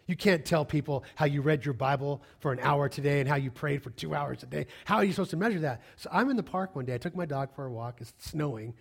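A man preaching a sermon, speaking conversationally and moving between soft, hushed passages and raised, emphatic lines. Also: fairly high pitch, quick pace, creaky, few pauses, slightly rough. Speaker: pastor.

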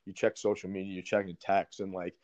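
A man's voice: sits low, level tone, fairly quick, a little mellow, no room sound. A young man, a podcast guest, telling a story casually with lots of swearing and fillers. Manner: profane, many fillers. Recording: dry, slightly dull sound.

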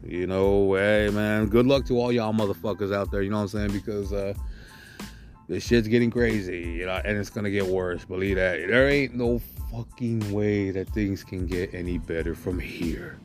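A man hosting a podcast vents in an aggressive, swearing rant. He keeps filling his talk with "you know what I mean." His voice sits fairly low, with a little music faintly under it. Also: fairly even intonation, moderate pace. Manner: filler-heavy, keeps asking "you know what I'm saying". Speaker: podcast host. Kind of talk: profane ranting monologue.

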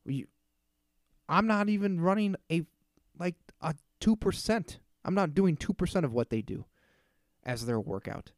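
A man's voice: high voice, expressive, a little slow, long pauses, dry recording, studio quality. A man in his thirties hosting a casual solo podcast, ranting in an exasperated, profane way and mocking the people he quotes. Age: 30s. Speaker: podcast host.

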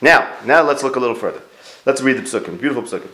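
A man's voice: mid-range voice, lively intonation, quick pace, pushed and bright. A man leading an informal Torah class, talking things through and asking his students for words. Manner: conversational, thinks aloud, restarts and quizzes listeners. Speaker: Torah teacher. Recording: roomy echo.

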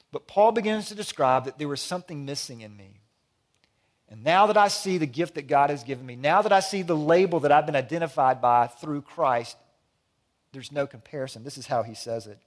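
A middle-aged man preaching a sermon, swinging between loud emphatic lines and hushed, quiet ones. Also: a little high, a little fast. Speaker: pastor.

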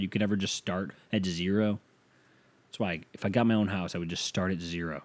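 A man hosting a solo podcast, ranting casually and profanely with loud exasperated outbursts, tired and yawning. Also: fairly low pitch. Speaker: podcast host.

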